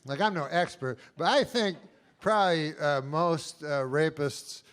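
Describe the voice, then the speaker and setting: Deadpan male stand-up comic. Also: fairly high pitch, slight background noise. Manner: deadpan, halting, with drawn-out pauses. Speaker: stand-up comedian. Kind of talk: stand-up comedy set.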